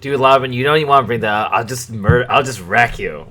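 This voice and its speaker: A man's voice: medium pitch, fairly quick, hardly any pauses, fairly bright tone, a little hiss or hum. A young man hosting a podcast, rambling and swearing through a story in casual chat, with frequent chuckles. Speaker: podcast host.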